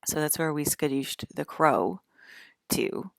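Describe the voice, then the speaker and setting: A woman's voice: low voice, slow pace, creaky, dry recording, clean studio sound. A woman in her forties talking casually to camera in a loose, rambling monologue, full of fillers and repeated "okay?" checks. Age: 40s. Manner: rambling, filler-heavy, keeps asking "okay?". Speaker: channel host.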